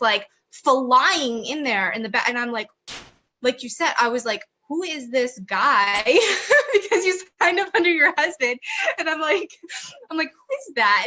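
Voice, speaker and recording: Woman team leader, bright voice, high-ish pitch, video call. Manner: emotional, laughing through tears. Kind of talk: casual video call chat.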